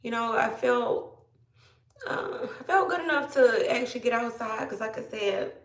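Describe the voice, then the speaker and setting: Chatty woman, gravelly, roomy. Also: on the high side, lively intonation, normal speed, distant mic. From Georgia, US. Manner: chatty, greets viewers by name, asks for likes. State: slightly hoarse after illness. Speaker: livestream host. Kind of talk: casual live-stream chat.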